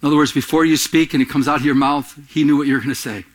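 Middle-aged male pastor, sermon delivery, higher-pitched man, swings from emphatic loud lines to quiet asides. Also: steady tone, quick pace. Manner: acts out little voices in anecdotes, laughs while telling them.

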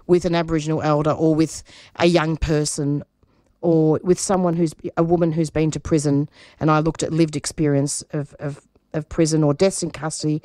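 A woman's voice: sits low, dark tone, no room sound, clean studio sound. A middle-aged woman, a radio producer, speaking earnestly and emphatically as an interview guest, often restarting her phrases. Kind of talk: personal interview answers.

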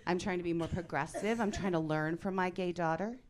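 Brash woman doing stand-up, slightly low voice. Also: fairly quick, slight background noise. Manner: brash, deadpan punchlines, acts out quoted people. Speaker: stand-up comedian. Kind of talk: stand-up comedy set. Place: comedy club stage.

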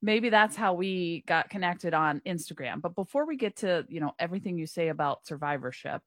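Female podcast host, lowish voice, friendly interviewer, dry sound. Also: animated, a little fast, no room sound. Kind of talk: casual interview.

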